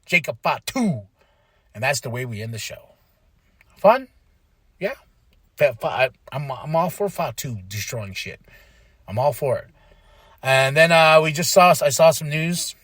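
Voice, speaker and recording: Excitable man recapping wrestling, dry close mic. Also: on the high side, measured pace, pauses often, slightly rough, no echo. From Flagstaff, Arizona. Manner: excitable, lots of fillers, acts out quotes. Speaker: podcast host.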